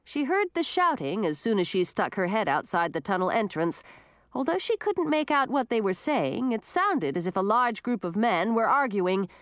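A woman narrating a fantasy storybook in an expressive, animated reading. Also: mid-range voice, moderate pace, no echo, studio quality. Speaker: audiobook narrator.

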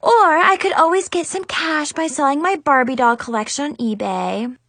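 A woman's voice: high-pitched, moderate pace, fairly bright tone, dry recording, voice pushed up. A woman voicing a bratty, cheeky little girl who stammers and pleads in a story reading.

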